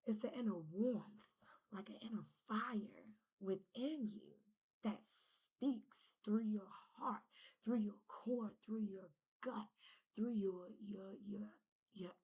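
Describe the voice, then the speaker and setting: A woman giving a casual spiritual reading, animated and talkative, who drops into whispers, swears and laughs often. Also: medium pitch, slow, husky, low-quality recording. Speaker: spiritual reader.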